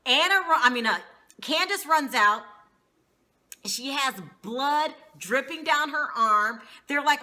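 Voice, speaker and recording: Animated, bright-voiced woman recapping TV. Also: sits high, a little slow. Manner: animated, gossipy, swears casually. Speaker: TV reality show reviewer. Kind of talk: casual recap monologue.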